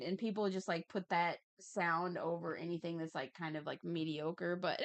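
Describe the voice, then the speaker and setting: A woman's voice: lowish voice, fairly even intonation, moderate pace, hardly any pauses, dry recording. Playful woman chatting on a livestream. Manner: chatty, playful, reads chat aloud. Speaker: livestream host. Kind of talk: casual livestream chat while drawing.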